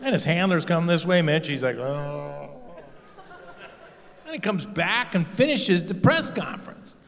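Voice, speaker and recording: A man's voice: sits high, lively intonation, normal speed, fairly bright tone. A middle-aged man doing a crude, profane stand-up comedy set on stage, mocking and punching up each line. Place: large comedy venue with live audience. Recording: live stage mix with hall reverb.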